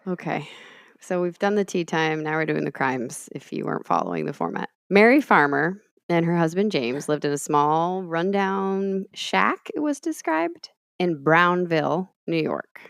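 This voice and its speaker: A woman co-hosting a podcast with a low, gravelly voice that has plenty of vocal fry. She chats casually and teases drily, and she is recorded close and dry. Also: animated, a little slow, no room sound. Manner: dry, teasing quips. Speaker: podcast co-host. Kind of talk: casual chat.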